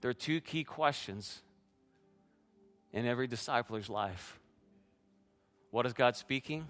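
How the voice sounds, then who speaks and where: A man's voice: mid-range voice, unhurried, fairly bright tone, faint music behind. A man preaching a sermon as pastor, sharing his own testimony in an earnest way and speaking directly to the congregation.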